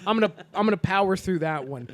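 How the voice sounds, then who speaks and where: A man's voice: high-pitched, fast talker. A young man co-hosting a podcast, bantering casually with friends and acting out stories with laughter. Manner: animated, laughing, acts out stories. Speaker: podcast co-host.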